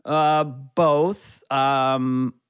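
A man guest on a podcast, an animated storyteller who slips into voices during casual chat. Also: medium pitch, extremely slow, smooth, dry recording. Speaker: guest comedian.

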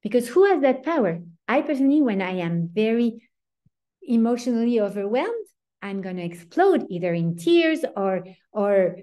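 Woman Torah teacher, earnest, emphatic, frequent restarts, warm mellow voice. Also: medium pitch. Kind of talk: Torah lesson.

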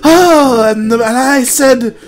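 A woman's voice: sits high, slow pace. A woman playing a pompous, bumbling male horror storyteller who narrates a spooky story theatrically, with blustery outbursts. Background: plucked guitar music.

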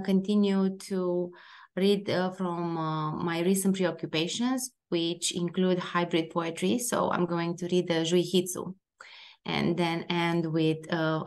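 Nasal-voiced Romanian-accented woman poet, low and flat delivery, poetry reading. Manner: hesitant with many fillers when speaking off the page. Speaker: poet reading her work.

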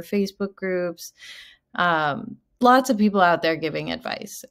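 A woman veterinarian hosting her own channel, talking casually to camera with lots of fillers and asides. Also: lowish voice. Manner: chatty, many fillers and asides.

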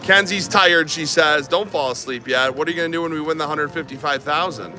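A man's voice: fairly high pitch, brisk. A man live-streaming slot machine play from a casino, chatting and reading viewer comments aloud. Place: casino floor. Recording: casino music behind. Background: slot machine music.

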